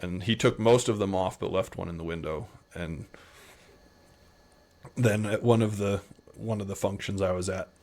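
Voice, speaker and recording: A middle-aged man with a Utah American accent, telling rambling anecdotes in a relaxed interview, slipping into playful quoted voices. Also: deep voice, normal speed. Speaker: podcast guest. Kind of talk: casual storytelling interview.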